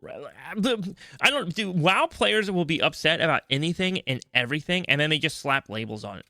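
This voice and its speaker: Animated ranting podcast man, bright voice. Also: medium pitch, quick pace, hardly any pauses, dry recording, studio quality. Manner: animated, acts out other people's voices. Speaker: podcast co-host. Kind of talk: ranting casual chat.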